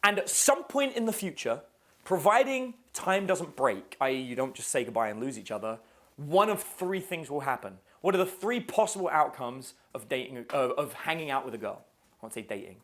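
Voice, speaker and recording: A man's voice: mid-range voice, sing-song, normal speed, fairly bright tone. A man teaching a live dating seminar in a casual, swearing style, quizzing his audience. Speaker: dating coach.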